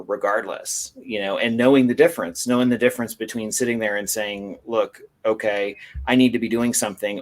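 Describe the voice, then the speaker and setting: A man's voice: lowish voice, poor audio. A man co-hosting a casual podcast, talking in a rambling way with many fillers and restarts. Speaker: podcast co-host.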